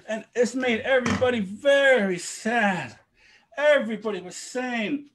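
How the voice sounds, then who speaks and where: A man telling a traditional story to young people, animated, with spoken sound effects. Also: very high voice, moderate pace.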